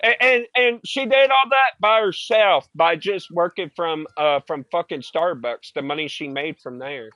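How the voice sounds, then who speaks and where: A young man chatting while he plays a game. His voice sits a touch high, and he rambles through profane stories full of filler words. The sound is close and dry, with no room echo. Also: unhurried, hardly any pauses, bright, forceful tone. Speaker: gaming streamer. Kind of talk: casual chat while gaming.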